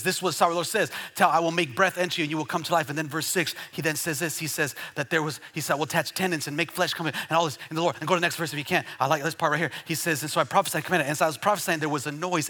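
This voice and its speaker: A male preacher delivering an energetic sermon to a congregation, swinging between quiet teaching and shouted, rhythmic build-ups. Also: on the high side, big-room sound.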